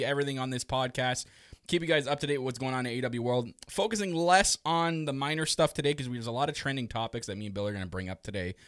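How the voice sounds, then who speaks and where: A man's voice: medium pitch, dry recording. Casual man hosting a podcast, dry sound. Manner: lively, laughs often, swears casually. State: talking with a burned tongue. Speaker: podcast host. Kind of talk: casual live podcast chat.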